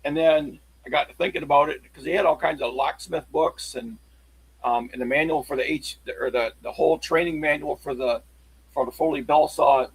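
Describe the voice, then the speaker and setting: A man chatting casually on a livestream, showing his locksport tools in a halting, rambling way. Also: fairly high pitch, creaky, slightly rough, no room sound, low-quality recording. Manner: halting, rambling show-and-tell.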